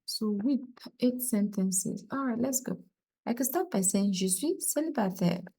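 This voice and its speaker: A woman's voice: a little high, lively intonation, normal speed, warm tone, breathy edge. A woman teaching a French lesson online, patiently repeating each example sentence.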